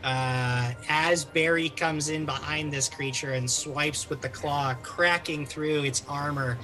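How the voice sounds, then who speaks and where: Lively game master narrating a tabletop game. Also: medium pitch, slow pace. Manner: lively, animated narration with fillers.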